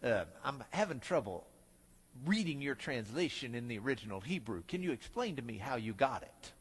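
A man imitating an older male Hebrew professor who speaks slowly and precisely, working his lips, with a long hall reverb. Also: mid-range voice, sing-song, slightly rough, voice pushed down. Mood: probing. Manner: slow, measured, moving lips as he talks.

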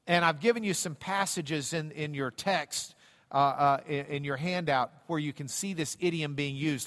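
A man's voice: a little high, normal speed, fairly bright tone, big-room sound. A man teaching a Bible class in a conversational way, repeating words and adding jokey asides.

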